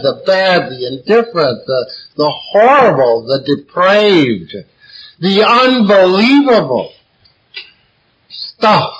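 A man's voice: high voice, fairly bright tone, slight background noise, rough recording. A man sharing his recovery story to a meeting crowd, blunt and profane, hammering points with repetition. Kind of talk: recovery talk to a live audience. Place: meeting room before a gathered audience.

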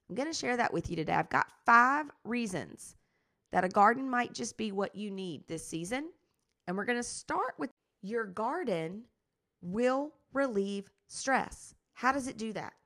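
A woman who hosts her own gardening podcast and works as a garden coach speaks in a casual, upbeat, encouraging way. Her voice is fairly high-pitched and a bit bright.

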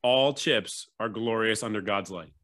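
A man co-hosting a podcast in casual chat, teasing his friends and swearing with quick laughs. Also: lowish voice, a bit bright. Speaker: podcast co-host.

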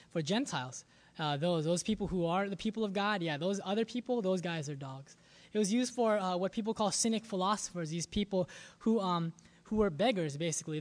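A man preaching a sermon as a pastor, earnest and often repeating words as he searches for the next thought. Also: sits high.

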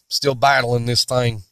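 A man preaching in a sermon-style Bible teaching, deliberate and emphatic. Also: medium pitch, noisy background.

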